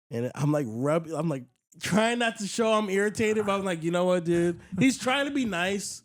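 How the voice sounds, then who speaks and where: A man hosting a podcast, telling a story in casual chat, animated and acting out other people's lines, with frequent swearing. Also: sits high, normal speed, hardly any pauses, no echo, clean studio sound. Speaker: podcast host.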